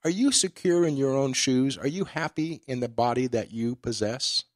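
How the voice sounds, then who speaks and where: A man hosts a casual podcast chat and spins long anecdotes, circling back with plenty of filler words. His voice sits at a middle pitch. It is recorded dry and close, with no room around it. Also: moderate pace, no echo. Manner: storytelling, rambling with many fillers. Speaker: podcast host.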